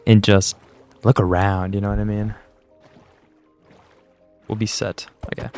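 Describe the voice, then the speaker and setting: A man's voice: on the low side, flat delivery, measured pace, gravelly, long pauses, a little mellow, clear, resonant tone, soft background music. Tired young man rambling over gameplay. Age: young adult. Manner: rambling, chatty, self-deprecating. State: tired, yawning. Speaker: gaming channel host. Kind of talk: casual gameplay commentary.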